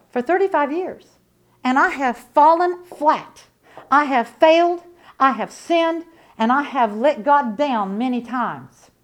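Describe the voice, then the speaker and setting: A middle-aged woman preaching with a high, bright voice. She is fervent and emphatic, hammering one phrase again and again and firing off rhetorical questions at the congregation. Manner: emphatic and testifying. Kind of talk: sermon.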